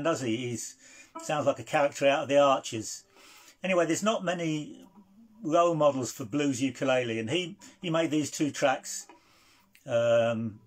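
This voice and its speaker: A man hosting an online blues club in casual live-stream chat, halting and hesitant with many fillers. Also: mid-range voice.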